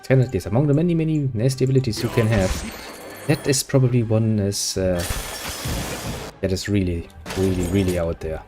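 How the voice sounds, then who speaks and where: A man casually commenting on a role-playing game, swearing in a relaxed, sarcastic way and reading the game's text aloud. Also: on the low side, a little fast, over music. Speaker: gaming video host.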